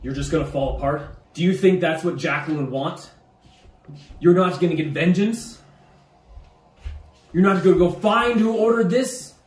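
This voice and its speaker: A man's voice: a little high, moderate pace, pauses often, reverberant, distant mic, pitched above the performer's own voice, natural voice, poor audio. A man voicing a fierce pleading younger brother. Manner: urgent, pleading, rising to shouts.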